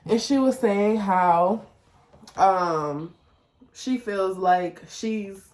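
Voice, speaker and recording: A woman's voice: drawn-out words, a little mellow. A woman co-hosting a podcast with a Detroit accent, chatting candidly and with a lot of profanity, often laughing. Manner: candid, profane, laughing often, imitates her child in a high voice. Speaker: podcast co-host. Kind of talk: casual chat. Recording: echoey room.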